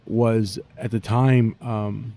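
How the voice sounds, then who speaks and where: A man, a barbecue pitmaster telling stories in a profane, animated way during a casual interview. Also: on the low side, slow.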